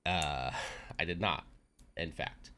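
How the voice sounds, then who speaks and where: A man's voice: low-pitched, slow pace, pushed and bright. A young adult man chatting casually on a live stream, joking and self-deprecating. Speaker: livestreamer.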